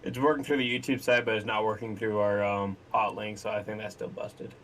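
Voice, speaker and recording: A man on a podcast panel calmly reporting a technical problem before the show. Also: fairly low pitch, a little fast, slight background noise. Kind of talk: casual tech check chat.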